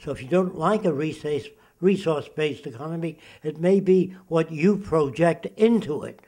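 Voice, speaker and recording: A man's voice: fairly high pitch, normal speed, dark tone. An older man in an interview, lecturing emphatically and asking rhetorical questions. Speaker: interviewee, futurist. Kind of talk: interview monologue.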